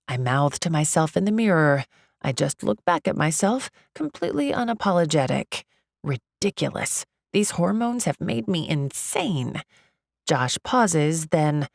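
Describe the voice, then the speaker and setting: Casting: low-voiced woman, gravelly texture, comic first-person romance narration, dry booth. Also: a little slow, no echo. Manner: expressive, comic, confiding. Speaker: audiobook narrator.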